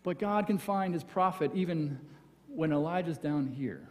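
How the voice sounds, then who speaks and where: Pastor preaching in a reverberant hall. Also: male voice, fairly high pitch, normal speed, a little mellow. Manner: conversational, acts out quoted voices, drops to near whisper for emphasis. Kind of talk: sermon. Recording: church hall with long reverb.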